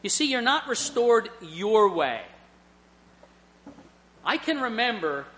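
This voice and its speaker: High, bright-voiced preacher man. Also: big pitch swings, slow, a little hiss or hum. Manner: earnest, personal storytelling with emphatic swells. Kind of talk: sermon.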